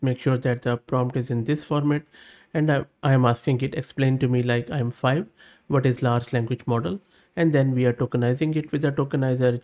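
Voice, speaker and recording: A man at a middle pitch talks through a screen-recorded tutorial. He narrates each step as he goes and reads his prompts and the results aloud. His verdicts come out upbeat and plain-spoken. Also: darkish tone. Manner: thinks aloud while testing, reads prompts and outputs aloud. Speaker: tech channel host.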